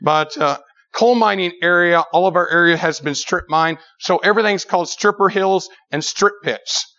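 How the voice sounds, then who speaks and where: Speaking at normal speed, a middle-aged preacher whose voice sits a bit high for a man tells stories to his church congregation in a storytelling sermon. His delivery is emphatic and lively, stacking repeated words as the tale grows, captured in a dull, lo-fi recording.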